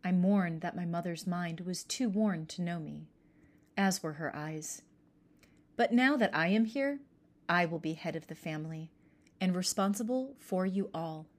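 A woman's voice: on the low side, a little slow, natural voice. A woman voicing a persuasive, scheming middle-aged uncle in a storybook reading, coaxing and insistent. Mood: earnest.

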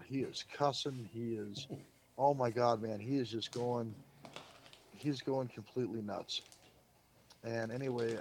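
A man, a publicist, telling show-business stories in a lively, casual way on a podcast and acting out what people said. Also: medium pitch, gravelly, slight background noise. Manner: lively anecdote-teller, acts out quotes.

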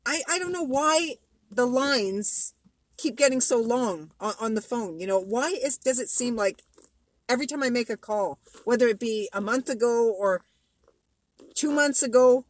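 A woman's voice: on the high side, moderate pace, dry recording, lightly acted. A woman playing an irate customer stuck on hold, exasperated and stammering as she complains, in a comedic role-play.

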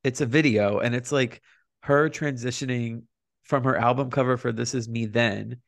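A man's voice: mid-range voice, fairly even intonation, normal speed, creaky, dry recording. A young gay man co-hosting a podcast, chatting casually and gushing, laughing often. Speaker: podcast co-host. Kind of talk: casual chat.

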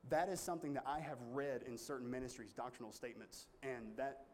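A man preaching a sermon in a folksy, emphatic way, climbing high when stirred. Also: fairly quick, slight background noise. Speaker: pastor.

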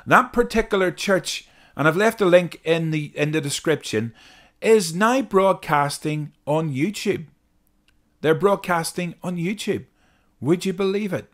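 A man's voice: high-pitched, measured pace, fairly bright tone. A man hosting a Christian podcast, earnestly explaining clips and reading scripture, repeating key phrases for emphasis. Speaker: podcast host. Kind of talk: podcast commentary.

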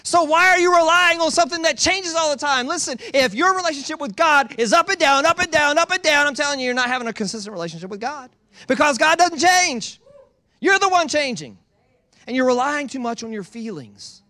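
Pastor, male, high and bright, emphatic repetitive preaching with rhetorical questions. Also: lively intonation, fairly quick. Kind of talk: sermon. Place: church in Georgia.

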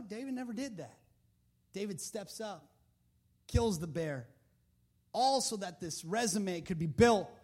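A man preaching a sermon in a conversational, emphatic way, full of rhetorical questions, into a handheld mic. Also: sits high.

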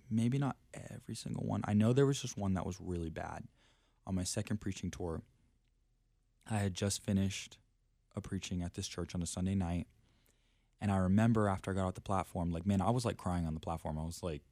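A man's voice: sits low, a little mellow, dry recording, clean studio sound. A young man, a traveling preacher, telling his story earnestly and casually on a faith podcast, full of "like" and "literally".

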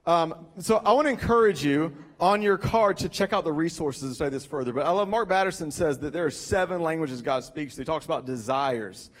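A male pastor preaching a sermon, an animated storyteller who jokes at his own expense, speaking into a stage mic. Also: on the high side, brisk, hardly any pauses.

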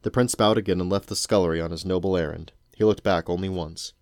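A man with a deep voice reads a novel aloud to his children. He narrates in a steady, unhurried way. The sound is dry, with no room echo. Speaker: parent reading to his children.

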